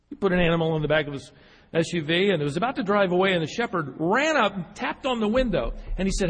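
A man's voice: high-pitched, lively intonation, fast talker, a bit bright, breathy edge. A man delivering a sermon, telling a story with frequent restarts and repeated words, then building to emphatic peaks. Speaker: preacher. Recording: hall reverb.

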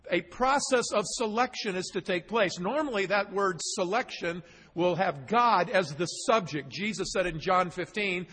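A man's voice: sits high, normal speed, pushed and bright, slightly rough. A man preaching a verse-by-verse sermon, stressing points through repetition. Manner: expository preaching, emphatic repetition. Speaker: pastor. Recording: long hall reverb.

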